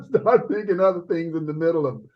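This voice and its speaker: A man chatting as a guest musician on a podcast, relaxed and laid-back, often dropping "man" into his sentences. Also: high voice, moderate pace, highs cut off. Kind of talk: casual podcast chat.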